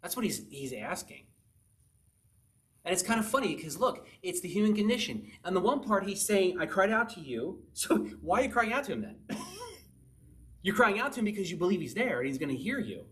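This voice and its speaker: A man's voice: high voice, big pitch swings, a little fast, a bit bright. A man preaching a sermon in a conversational way, often asking the listeners questions.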